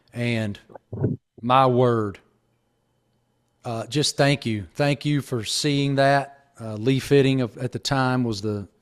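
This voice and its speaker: Man, Southern accent, middle-aged, sports reporter, earnest, emphatic, mid-range voice. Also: mid-range voice. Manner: earnest and emphatic, with frequent restarts. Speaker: sports reporter and host, guest. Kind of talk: reflective interview answer.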